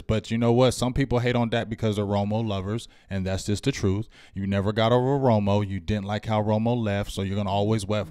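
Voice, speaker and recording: Fired-up ranting man, smooth dry voice. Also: fairly low pitch, darkish tone, no echo. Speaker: co-host of a fan sports show. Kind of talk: live sports fan talk.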